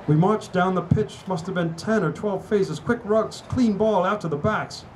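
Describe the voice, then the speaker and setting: A man's voice: fairly high pitch, lively intonation, normal speed, darkish tone, slight background noise, lightly acted, low-quality recording. A man reading aloud and voicing a breezy, chummy British rugby teammate with a British accent. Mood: excited recounting. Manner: chummy, teasing, upbeat. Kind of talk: live reading of a novel.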